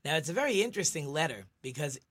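A man's voice: a little high, sing-song, racing, fairly bright tone, husky. A middle-aged man, a rabbi hosting a radio talk show, chatty and teacherly, telling jokes.

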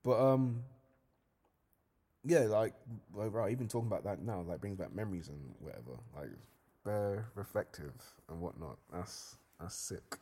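A man's voice: lowish voice, moderate pace, breathy edge. A young man hosting a solo podcast, talking in a casual, slangy way. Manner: casual slangy storytelling, lively when reliving events. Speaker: podcast host.

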